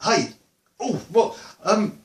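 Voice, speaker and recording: A man's voice: high-pitched, sing-song, slow, echoey room. A man with an Essex accent, a musician chatting casually to camera, rambling and joking with lots of fillers and asides. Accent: Essex English. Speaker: musician vlogger.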